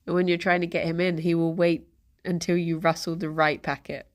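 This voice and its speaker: A woman's voice: fairly low pitch, little pitch movement, a little fast. A young woman chatting casually on a live stream, rambling and giggling often as she reads the chat aloud.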